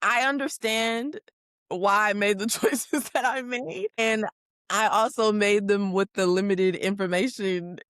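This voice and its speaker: A woman's voice: mid-range voice, measured pace, a bit bright, clean tone, no room sound, studio quality. A young adult woman co-hosting a podcast, talking candidly in a rambling, casual way full of fillers. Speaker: podcast co-host. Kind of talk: casual chat.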